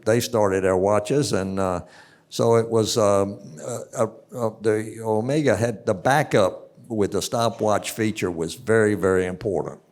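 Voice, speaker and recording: Older southern guy telling a story real slow, lots of uhs, lowish voice. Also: a little mellow. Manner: halting, many uh fillers, slow drawl. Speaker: astronaut guest.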